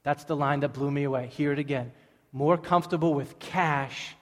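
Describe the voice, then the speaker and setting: A man's voice: fairly high pitch, fairly even intonation, normal speed. Emphatic male pastor preaching in a reverberant hall. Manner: emphatic, repeating phrases for stress. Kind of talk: sermon.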